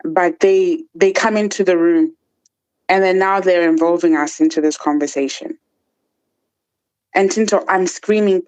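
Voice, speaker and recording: A woman guest telling a painful personal story in an earnest, halting way, often restarting her sentences. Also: on the low side, steady tone, darkish tone, clear, resonant tone, low-quality recording. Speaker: podcast guest.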